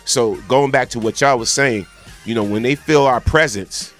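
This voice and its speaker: A man's voice: medium pitch, normal speed, fairly bright tone, faint music behind. A man co-hosting a talk radio show, telling stories in a laid-back, conversational way. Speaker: co-host and DJ. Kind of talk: casual talk radio storytelling.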